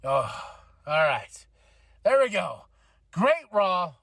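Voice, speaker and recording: A man hosting a podcast, giving a casual, excitable wrestling show review, swearing freely and laughing often. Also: sits high, very slow, vocal fry, dry recording, studio quality. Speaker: podcast host.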